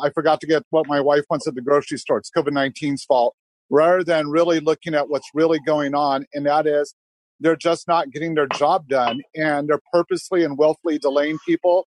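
A man's voice: on the high side, dry recording. A man calling in to a talk show as a director, explaining things with sarcasm. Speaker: gun group director calling in. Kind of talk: interview over a call.

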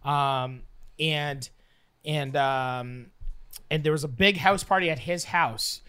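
A Canadian man rambles through a profane story in a casual podcast chat, speaking slowly in a slightly high, clean-toned voice. He acts out other people's voices, throwing in loud yelps.

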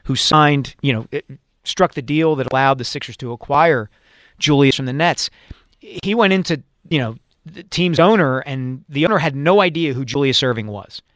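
A man co-hosting a sports talk radio show, explaining basketball history in a measured, chatty way. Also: mid-range voice, a bit bright, no room sound, clean studio sound.

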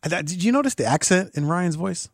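Jokey sports radio co-host, dry mic. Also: male voice, high-pitched, lively intonation, fast talker, no room sound. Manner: playful, jokey, stammering starts. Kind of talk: casual sports talk.

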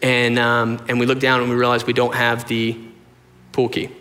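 A man's voice: mid-range voice, completely flat delivery, normal speed, bright, forceful tone. A man, a pastor, telling a story in a casual, rambling, self-deprecating sermon with plenty of fillers. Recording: long reverb of a large hall.

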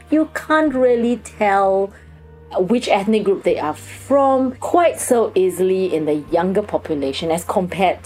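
Mellow-voiced Singaporean woman professor. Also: on the low side, poor audio. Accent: Singaporean English. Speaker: linguistics professor. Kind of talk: interview, expert explanation.

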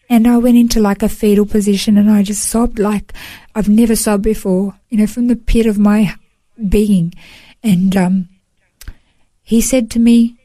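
Earnest woman, mellow voice. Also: medium pitch, fairly even intonation, moderate pace, dry recording. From Australia. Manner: earnest, heartfelt, peppered with "you know". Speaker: guest sharing a personal testimony. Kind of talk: emotional first-person storytelling.

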